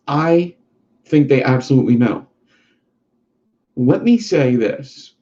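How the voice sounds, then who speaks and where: A man's voice: medium pitch, animated, slow, long pauses, dark tone. A man hosting a casual livestream chat who rambles and swears freely. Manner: profane, rambling. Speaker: livestream host. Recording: dull lo-fi sound.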